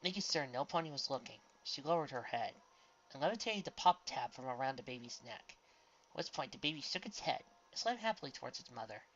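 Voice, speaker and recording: A woman reading a fan fiction story aloud with expressive storytelling. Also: a bass voice, a little fast, highs cut off, slight background noise. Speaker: reader.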